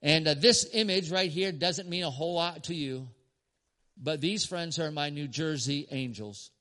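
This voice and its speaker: A male pastor tells a story from the pulpit with a bright, slightly high voice, pausing for emphasis and laughing now and then. His words ring out with a long reverb in a large hall. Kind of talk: sermon story to a congregation.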